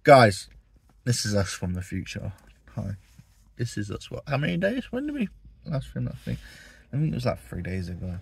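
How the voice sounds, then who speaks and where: A man's voice: medium pitch, very animated, moderate pace, gravelly, long pauses, husky, no echo. A young man chatting casually to viewers in a travel vlog, rambling and joking. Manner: rambling, jokey, talks to viewers. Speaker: vlogger.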